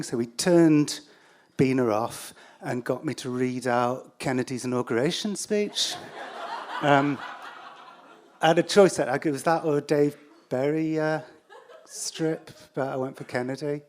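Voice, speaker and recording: An English man telling a true story on stage in a wry, self-deprecating way, halting with fillers and restarts. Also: mid-range voice, a little hiss or hum. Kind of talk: live storytelling.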